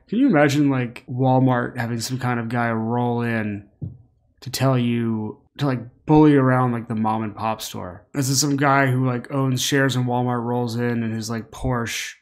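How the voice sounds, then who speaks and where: A man's voice: mid-range voice, steady tone, unhurried. A man hosting a gameplay video with casual commentary and playful, jokey asides. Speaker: gaming video host.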